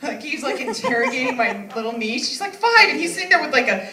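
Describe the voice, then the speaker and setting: Onstage at a comedy club, a stand-up comic in her thirties talks fast in a high, expressive, pushed and bright voice. She's chatty and pokes fun at herself, laughing a lot, and the distant mic catches an echoey room.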